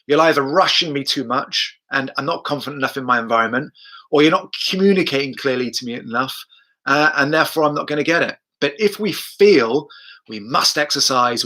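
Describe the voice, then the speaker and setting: With a slightly high voice and a sharp tone, a dog trainer chats on a live stream, covering his methods and answering questions from viewers. He tends to repeat himself and says out loud what the dog might be thinking.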